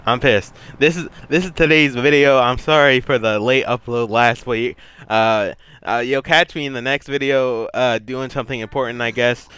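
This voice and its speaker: A man's voice: medium pitch, steady tone, moderate pace, few pauses, clear, resonant tone, no room sound. Young man rambling over a game. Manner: rambling, self-deprecating, flares into loud frustrated outbursts. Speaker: gaming YouTuber. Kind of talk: casual gameplay commentary.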